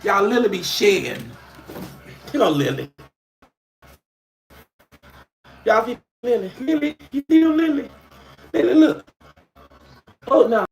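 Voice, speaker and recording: A homey, playful middle-aged Southern woman with an Alabama drawl, as a man puts her on. Her voice sits a touch high, with a gravelly fry, and she coos at her dog between folksy asides to the viewers. It is a casual livestream chat from home. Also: very animated, normal speed, a bit bright, faint music behind, heavily acted. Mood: cooing. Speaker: livestream host.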